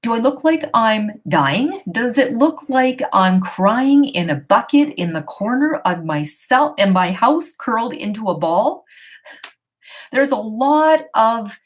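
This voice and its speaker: A woman's voice: on the high side, expressive, slow. Woman, middle-aged, tarot reader, live stream from home, chatty, reassuring, casual. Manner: chatty, reassuring, reads questions aloud then answers. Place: her home. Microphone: computer or phone on a live stream.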